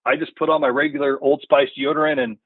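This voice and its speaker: A slightly high-voiced man rambles through a story as a podcast guest, leaning on fillers and "you follow?". His voice comes through a tinny phone line. The sound is dry and close. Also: very animated, fast, gravelly, dry recording. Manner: rambling, full of "you know" and "right?" tags. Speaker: podcast guest from a hunting gear company. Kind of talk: casual storytelling in an interview.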